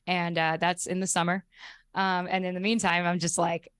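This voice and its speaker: Woman singer guest, lowish voice, chatty, laughs a lot, dry close mic. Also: little pitch movement, moderate pace, clean tone, no echo. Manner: chatty, laughs often, many fillers. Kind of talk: casual radio interview. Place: radio studio.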